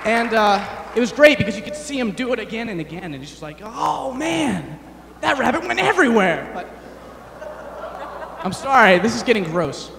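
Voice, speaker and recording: A young man performing a rambling, self-deprecating stand-up set, halting often with fillers. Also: high-pitched, a bit bright, echoey room, in a large hall, a faint crowd, slight background noise. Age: young adult. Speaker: stand-up comedian. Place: large chapel hall on stage.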